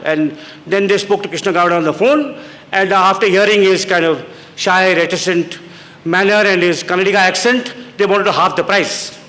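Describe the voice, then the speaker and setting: A man's voice: high-pitched, bright, forceful tone. Man telling stories in an echoey hall. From India. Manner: storytelling with quoted voices, halting restarts. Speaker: lecturer. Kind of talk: anecdotal public lecture. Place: lecture hall.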